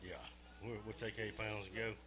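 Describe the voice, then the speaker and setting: A man's voice: lowish voice, flat delivery, normal speed. A man, a tournament angler, chatting casually with the emcee in a laid-back way with dry humor. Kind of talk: casual chat.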